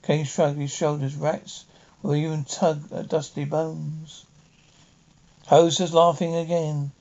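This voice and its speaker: A man reading a short story aloud with dramatic pauses. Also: on the high side, flat delivery, darkish tone, lo-fi sound. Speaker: audiobook reader. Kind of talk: storybook narration.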